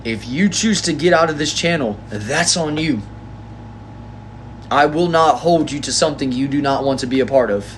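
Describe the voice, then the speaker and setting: A young man talks casually on his livestream. He reads viewers' messages aloud and answers each one in a relaxed, friendly way. A faint hum sits under his voice. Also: fairly high pitch, moderate pace. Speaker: livestream host reading chat.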